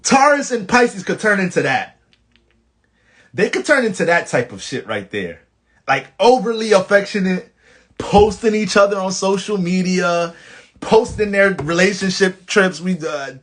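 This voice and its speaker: Profane, animated New York astrologer. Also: male voice, sits high, unhurried. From the Bronx, New York. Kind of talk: casual astrology vlog.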